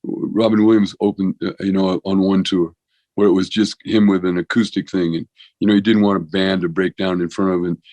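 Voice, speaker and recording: A man's voice: low voice, level tone, fairly quick, darkish tone, no room sound, low-quality recording. A man in his sixties, a veterinarian and comedian, telling rambling stories as a podcast guest, with lots of restarts and "you know". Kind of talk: rambling conversational storytelling.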